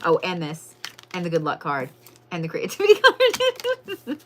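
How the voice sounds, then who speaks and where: A woman's voice: deep voice, sing-song, brisk, a little hiss or hum. A woman doing a casual live tarot reading, brash and profane, repeating her lines for emphasis. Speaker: tarot and zodiac reader, livestream host.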